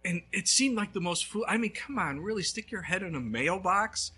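A male pastor preaching a sermon, telling a story with lively swings between loud and hushed. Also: high-pitched, moderate pace, gravelly, breathy edge.

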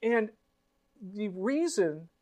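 A man's voice: sits high, big pitch swings, very slow, darkish tone. Earnest male pastor preaching. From United States. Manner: earnest, rhetorical questions, acts out quoted voices. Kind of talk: sermon.

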